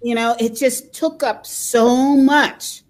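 An older woman from the United States talks slowly in a reflective, conversational way. Her voice sits a little high, and she pauses and repeats words as she works through a thought. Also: steady tone. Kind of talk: conversational interview.

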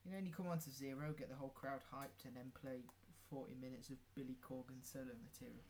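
A man's voice: mid-range voice, level tone, fast, a little mellow, slight background noise. A young man, co-hosting a podcast in casual chat and ranting sarcastically with swearing. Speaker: podcast co-host.

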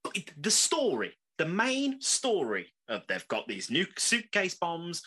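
Animated husky man chatting. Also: a little slow. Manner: animated, swearing, laughing often, big pitch swings. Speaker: podcast co-host. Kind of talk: casual chat.

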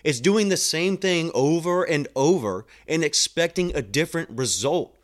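Earnest, fast-talking man telling stories. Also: fairly high pitch. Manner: earnest and emotional, swears casually, speeds up when excited. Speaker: home health nurse. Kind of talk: candid storytelling monologue.

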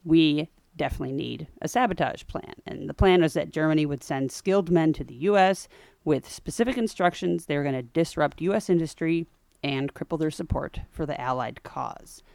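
A woman co-hosting a podcast, telling a history story in a chatty way with wry, animated asides. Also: sits low, normal speed, vocal fry, dry recording, studio quality. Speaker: podcast co-host.

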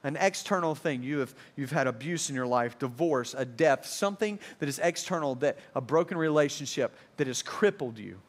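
A man's voice: mid-range voice, expressive, normal speed, hardly any pauses. A pastor preaching a sermon to a congregation at a church service, earnest and repetitive, building emphasis as he goes.

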